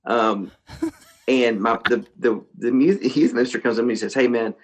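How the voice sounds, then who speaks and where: A man's voice: medium pitch, moderate pace, rough recording. A man telling a long story in casual chat, acting out the voices of the people in it. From Texas. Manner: animated storyteller, acts out voices of people in his stories. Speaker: guest musician.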